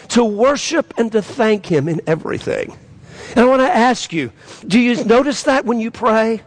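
A man's voice: very animated, moderate pace. A man preaching a sermon as pastor, asking the congregation direct questions and growing more fervent as he reads prayers aloud. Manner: impassioned preaching, rising in pitch and volume when reading prayers.

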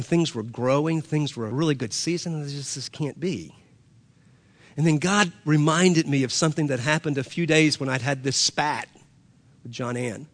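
A man preaching a sermon as pastor, earnest, often repeating himself and restarting phrases. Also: mid-range voice. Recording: long hall reverb.

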